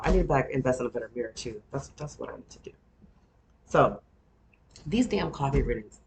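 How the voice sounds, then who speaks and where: A woman hosting a podcast in casual chat, talkative and animated, her voice jumping up high when she gets excited. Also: a little hiss or hum. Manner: chatty, animated, jumps up in pitch when excited. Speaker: podcast host.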